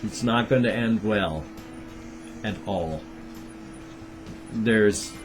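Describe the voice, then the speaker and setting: A man in his fifties talking to camera in a rambling daily vlog, wry and darkly joking. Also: fairly low pitch. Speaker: daily vlogger. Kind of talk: rambling monologue. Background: music.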